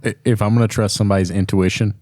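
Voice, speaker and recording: A man's voice: on the low side, fairly even intonation, rapid-fire, darkish tone. A man co-hosting a podcast, teasing his co-host in a dry, casual way.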